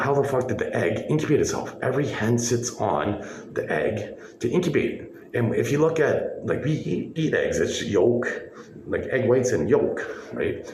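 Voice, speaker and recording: A man's voice: lowish voice, darkish tone, roomy sound, slight background noise, rough recording. A man in a hospital room, talking to his phone camera in a rambling, profane, insistent monologue that keeps checking "right?". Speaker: vlogger.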